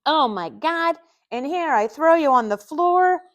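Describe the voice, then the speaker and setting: A woman's voice: fairly high pitch, big pitch swings, measured pace. A woman reading a story aloud and voicing a flustered, apologetic man in a raised, emphatic way.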